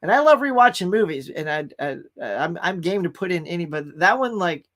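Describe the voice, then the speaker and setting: A man's voice: high voice, animated, fairly quick, a bit bright. A man hosting a casual pop culture live stream, rambling enthusiastically about movies and greeting viewers in the chat.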